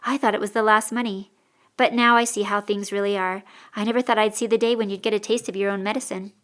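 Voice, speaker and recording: Woman doing a gentle teasing big sister, soft coaxing voice, audiobook. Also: medium pitch, steady tone, quick pace, close to an everyday voice.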